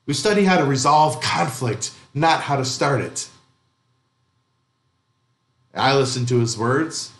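A man's voice: medium pitch, takes it slowly, pauses often, echoey room. A male pastor reading a story aloud in dramatic first person during a sermon.

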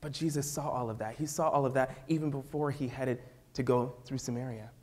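A man's voice: medium pitch, steady tone, fairly quick, darkish tone. A man with a Midwestern American accent, a youth pastor preaching a sermon and telling the story with acted-out voices.

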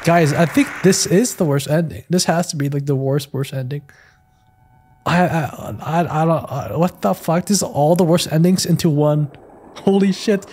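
A gaming YouTuber giving excitable let's play commentary, swearing and stammering as he reacts to the game. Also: medium pitch, moderate pace, slight background noise.

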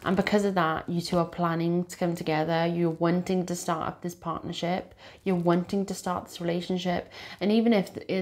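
A woman's voice: lowish voice, darkish tone. A woman doing a tarot card reading, talking in an earnest, emotional way and repeating her phrases. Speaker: tarot reader.

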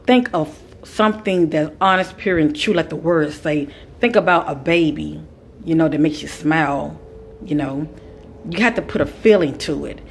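A woman's voice: deep voice, a little hiss or hum. A woman giving a spiritual advice monologue, speaking with a repetitive, preacher-like cadence and calling her listeners kings and queens. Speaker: spiritual teacher.

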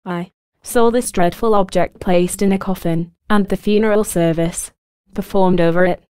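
A woman's voice: fairly even intonation, a little mellow, clean tone, no echo, natural voice. A woman reading as a shaken army officer confessing. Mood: grave. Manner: low, firm, slow confession. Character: shaken British army officer with second sight, man.

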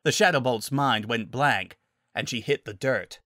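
A man narrating a dramatic story reading in an animated way. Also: medium pitch, unhurried, no echo, clean studio sound.

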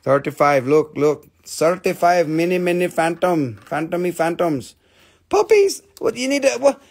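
A man's voice: on the high side, animated, normal speed, creaky. A man hosting a live crystal sale stream, chatty and self-mocking, joking nonstop with viewers. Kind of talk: casual live sales stream banter.

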